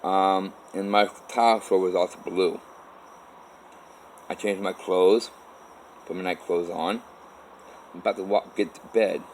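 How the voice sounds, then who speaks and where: A man's voice: low voice, fairly even intonation, a little slow, long pauses, a little hiss or hum, low-quality recording. A man telling a personal story in a rambling, profane way, full of restarts. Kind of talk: personal story told to camera.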